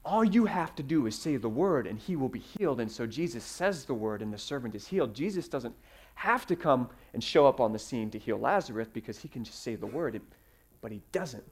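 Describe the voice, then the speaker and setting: A man's voice: mid-range voice, lively intonation, fairly quick, husky. Man preaching with big dramatic swings. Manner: dramatic swings in loudness, storytelling with fillers. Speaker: pastor. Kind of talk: sermon.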